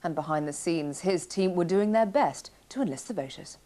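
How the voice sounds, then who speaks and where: Low-voiced woman news anchor. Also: expressive, warm tone. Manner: measured, formal delivery. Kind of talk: read news bulletin.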